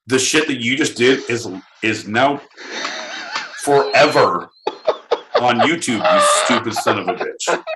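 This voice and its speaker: A man's voice: medium pitch, animated, moderate pace. A man co-hosting a podcast, teasing and scolding his partner in casual comedic banter, swearing and trying silly accents. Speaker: podcast co-host. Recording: echoey room with faint noise.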